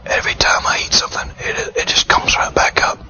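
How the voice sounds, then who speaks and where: A male preacher putting on the faint, breathy whisper of a gravely ill person who is too weak to talk. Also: fairly quick, sharp tone. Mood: feeble. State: weak and nauseated. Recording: dull lo-fi recording.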